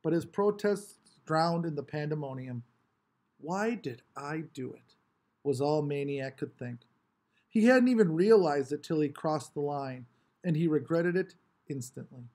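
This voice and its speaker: A man reading a novel aloud with expressive, varied storytelling. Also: fairly high pitch, moderate pace. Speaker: audiobook reader.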